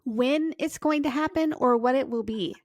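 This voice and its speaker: A woman's voice: high voice, normal speed, no echo, clean studio sound. A woman hosting a podcast, chatting and telling a story with laughter. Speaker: podcast host. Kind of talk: casual interview chat.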